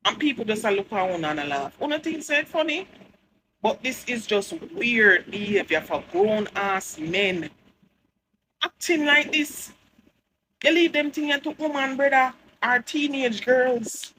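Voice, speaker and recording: A woman's voice: fairly high pitch, animated, measured pace, bright, forceful tone, poor audio. A woman with a Jamaican accent, giving chatty, mocking entertainment news commentary and laughing often. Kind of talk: casual commentary. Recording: noticeable background noise.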